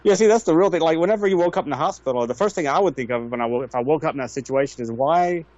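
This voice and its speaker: A man's voice: a little high, racing, a little mellow, no room sound. A man with an American accent co-hosting a podcast, joking and giggling as he chats about a film. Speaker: podcast co-host. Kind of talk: casual film review chat. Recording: dull lo-fi audio.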